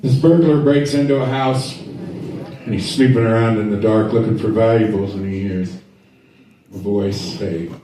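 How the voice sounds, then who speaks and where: A man's voice: on the low side, steady tone, unhurried, warm tone. Man, drawl, stand-up comic, echoey distant sound, faint background noise. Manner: drawling storyteller, acts out characters in dialogue. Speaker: stand-up comedian. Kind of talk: stand-up joke telling. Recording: echoey room, mic heard from a distance.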